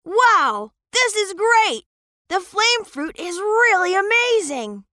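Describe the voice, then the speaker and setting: A woman's voice: extremely high pitch, big pitch swings, slow, sharp tone, no echo, clean studio sound, exaggerated voice. A woman voicing a timid young male dragon who cannot breathe fire, stammering and hesitant in a children's storybook. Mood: excited.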